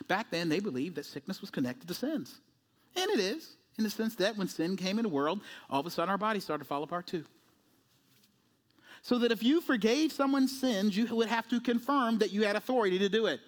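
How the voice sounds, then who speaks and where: A male pastor preaching a sermon in an animated way, acting out voices and often asking "right?". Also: high voice, a little fast.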